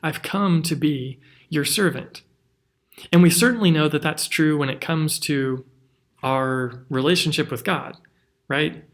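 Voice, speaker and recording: A man's voice: fairly high pitch, measured pace. A man, a pastor, giving an earnest, conversational devotional teaching with rhetorical questions.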